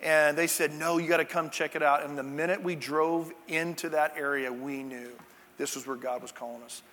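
A man's voice: on the high side, steady tone, moderate pace, fairly bright tone, a little hiss or hum. A male pastor giving a conversational sermon, with chatty, jokey asides to the congregation, in a church sanctuary. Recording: long church-hall reverb.

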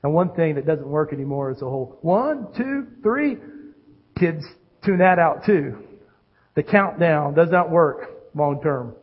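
High-voiced preacher with animated delivery. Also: male voice, normal speed, slightly rough, muffled recording. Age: adult with children. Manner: animated preaching, swinging between loud calls and hushed lows. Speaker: pastor. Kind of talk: sermon.

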